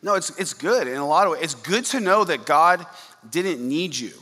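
A man, a pastor, preaching a sermon with animated, joking asides. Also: a little high. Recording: long reverb of a large hall.

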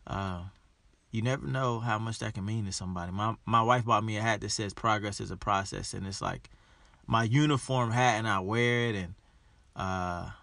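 A man's voice: fairly low pitch, normal speed, vocal fry, pushed and bright, no room sound. A man hosting a podcast alone, giving a motivational monologue and hammering home his points by repeating them. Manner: emphatic, repeats his rallying lines. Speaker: podcast host.

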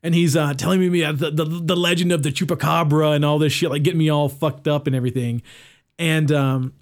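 A man's voice: fairly high pitch, fairly even intonation, fairly quick. A man co-hosting a horror podcast, telling stories in a loose, profane way with lots of "like" and "uh.". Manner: loose, profane, many fillers like "like" and "uh". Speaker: podcast co-host. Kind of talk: casual storytelling chat.

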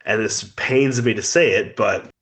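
A man with a fairly low voice hosts a casual sports podcast. He talks bluntly and gives strong opinions in an easygoing, conversational way. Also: a little slow, a bit bright. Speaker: podcast host. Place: remote, out of town.

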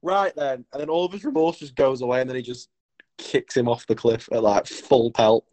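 A man's voice: mid-range voice, a little fast, dark tone, low-quality recording. A young man co-hosting a podcast, telling a rambling comic story with lots of giggles. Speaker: podcast co-host.

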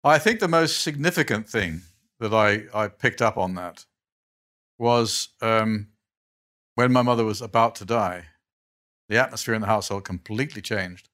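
A man's voice: lowish voice, moderate pace. Older man telling chuckling anecdotes. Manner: animated, chuckling storyteller who trails off and restarts. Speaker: guest. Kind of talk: anecdotal storytelling in a casual interview.

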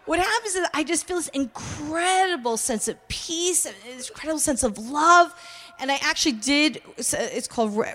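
High-voiced New woman telling her story. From New York. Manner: animated, acts out quoted voices, frequent "all right?" asides. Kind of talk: personal testimony, storytelling.

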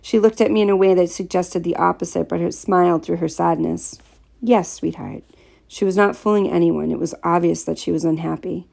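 A woman reads a first-person story aloud, steady and plain in her telling. Her voice sits low and is heavily gravelly, with a dark, mellow tone. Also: fairly quick, hardly any pauses. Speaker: audiobook narrator.

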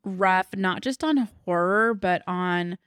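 A woman's voice: lowish voice, slow, a bit bright, clear, resonant tone, no echo, studio quality. A woman co-hosting a podcast, chatting casually and frankly, with some swearing. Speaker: podcast co-host. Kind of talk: casual chat.

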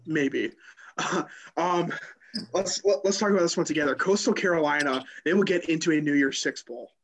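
Fairly high-voiced teasing man. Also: a little hiss or hum, low-quality recording. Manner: quick, teasing, restarts lines. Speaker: sports podcast co-host. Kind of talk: casual sports banter.

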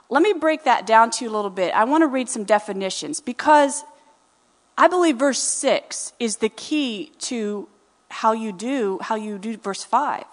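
A woman's voice: a little high, big-room sound. A woman teaching from the Bible, reading verses and word definitions aloud and explaining them in a conversational way.

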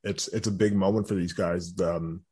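A husky man co-hosting a casual sports podcast. His voice sits fairly low. He talks in a measured way and often pauses on "um". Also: steady tone, dark tone. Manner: measured, many filler ums. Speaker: podcast co-host.

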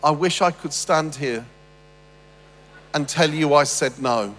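A man's voice: fairly high pitch, slow pace, fairly bright tone, in a large hall, slight background noise. Rambling self-deprecating man. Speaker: speaker. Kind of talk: humorous personal storytelling talk.

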